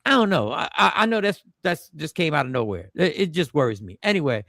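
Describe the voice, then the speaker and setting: A man's voice: fairly high pitch, big pitch swings, brisk, bright, forceful tone, no echo, clean studio sound. A man hosting a casual livestream, joking loosely and swearing now and then. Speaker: livestream host.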